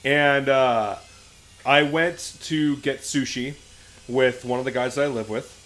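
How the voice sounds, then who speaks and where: A man's voice: mid-range voice, a little slow. A man co-hosting a podcast in casual chat, telling a story with energy and acting out the people in it with a raised voice. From Southern California. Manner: animated storyteller, acts out quotes in a raised voice. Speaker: podcast co-host.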